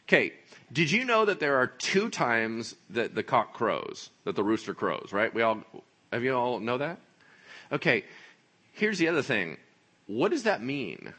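Male pastor, husky and bright-toned, animated sermon delivery with playful asides. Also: medium pitch, a little slow. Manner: animated, joking, acts out voices.

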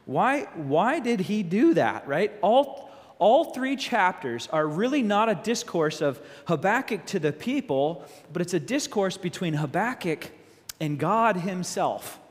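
A man preaching a sermon as a pastor, animated and full of rhetorical questions. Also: sits high, takes it slowly, long reverb tail.

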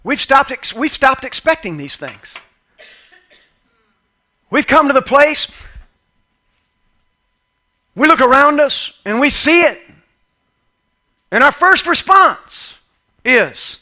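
A man preaching a sermon with passion, swinging between loud calls and quiet asides. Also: very high-pitched, very animated, takes it slowly, long pauses. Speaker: pastor.

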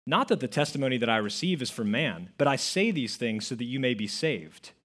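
A very animated pastor preaches in a mid-range, fairly bright voice at a fairly quick clip. His emphatic sermon is full of stories with acted-out quotes and stressed key words.

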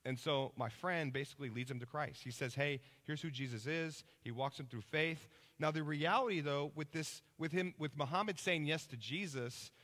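A man preaching a sermon, telling lively stories and checking in with his listeners. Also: a little high, normal speed, few pauses, in a large hall. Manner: energetic storytelling, checks in with listeners.

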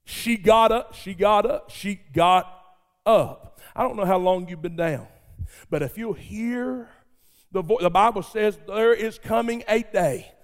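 A man's voice: high-pitched, a little slow. A man preaching a sermon in a church, telling the story dramatically and fervently in a colloquial way. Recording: long reverb of a large hall.

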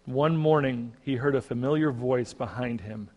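A man, a pastor, narrating a parable in a measured storytelling sermon. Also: medium pitch, a little mellow, dull audio. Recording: long reverb.

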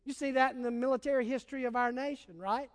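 A man's voice: very high-pitched, fast, big-room sound. A man preaching a sermon as pastor, telling stories in a casual, emphatic way.

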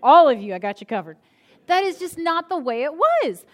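A woman pastor with a high voice delivers a sermon. Her preaching is conversational and relaxed, and she tells humorous stories from her own ministry. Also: normal speed.

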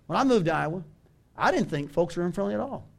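Animated Southern preacher man. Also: sits high, fast talker, creaky. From American South. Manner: animated preaching, rising to emphatic peaks, calls for congregation response. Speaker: pastor. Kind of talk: sermon.

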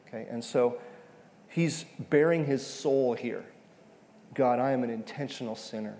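A man's voice: mid-range voice, unhurried, dark tone, slight background noise. A man teaching a sermon in a conversational way, often checking in with "okay?". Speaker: preacher. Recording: long hall reverb.

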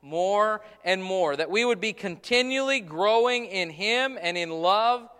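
Male pastor, preaching a sermon, higher pitch, repeats words for emphasis; church hall reverb. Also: lively intonation, a little slow, bright, forceful tone, smooth. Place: church sanctuary.

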